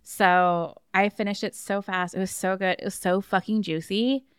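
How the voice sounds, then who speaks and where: Woman co-host, casual and chatty, smooth clear voice, swears and laughs a lot, dry close mic. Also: medium pitch, fairly even intonation, moderate pace, dry recording. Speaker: podcast co-host. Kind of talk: casual chat.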